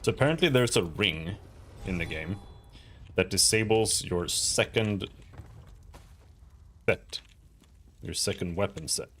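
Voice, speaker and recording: A man's voice: low voice, lively intonation, a little slow, long pauses, a bit bright, slight background noise. A man streaming a video game, giving casual commentary in a sarcastic, rambling way and often repeating words. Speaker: gaming streamer.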